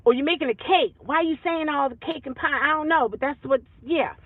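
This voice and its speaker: A woman rideshare driver vlogging in a casual, rambling monologue, animated and full of repeats. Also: high voice, fairly quick, no echo. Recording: tinny phone-like dry sound.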